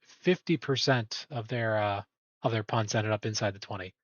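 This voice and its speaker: A man's voice: lowish voice, moderate pace, no echo. Chatty man hosting on dull audio. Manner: rambling, self-correcting, chatty. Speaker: awards show host. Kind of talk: casual awards commentary.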